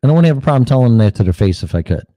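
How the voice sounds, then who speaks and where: A man's voice: medium pitch, animated, very fast, dark tone, no room sound. Blunt, swearing man ranting. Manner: blunt, heated, swears often, mocks opponents in put-on quotes. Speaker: podcast host. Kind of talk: profane political monologue.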